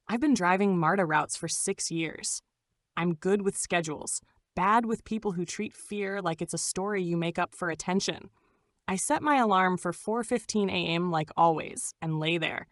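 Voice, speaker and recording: Low-voiced woman telling a suspense story. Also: a bit bright, no echo. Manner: dramatic, suspenseful. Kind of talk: scripted first-person story narration.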